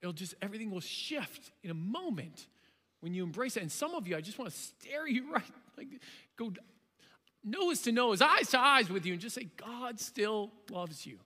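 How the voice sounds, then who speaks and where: A man in his thirties preaching a sermon, impassioned, shifting between loud emphasis and quiet storytelling. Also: sits high, big pitch swings, normal speed. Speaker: pastor. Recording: long hall reverb.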